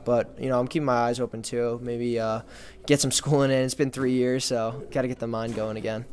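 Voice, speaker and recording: A man's voice: medium pitch, level tone, a little mellow, a little hiss or hum. A young man from New York, a junior hockey player, answering interview questions casually with many fillers and restarts. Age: young adult. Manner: halting, full of fillers and restarts.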